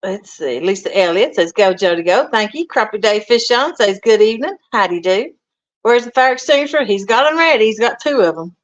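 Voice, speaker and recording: A woman's voice: mid-range voice, animated, brisk. Folksy woman hosting a livestream. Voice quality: folksy, chatty greetings. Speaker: livestream host. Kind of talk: casual livestream chat, reading out viewer comments. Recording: dull lo-fi stream audio.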